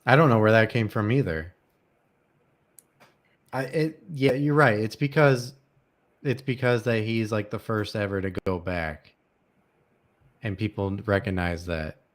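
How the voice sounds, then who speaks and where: A man's voice: fairly low pitch, measured pace, long pauses. A young man hosting a podcast in casual chat, rambling and opinionated, his voice cracking from a dry throat. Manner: rambling, opinionated, with many fillers and restarts. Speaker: podcast host.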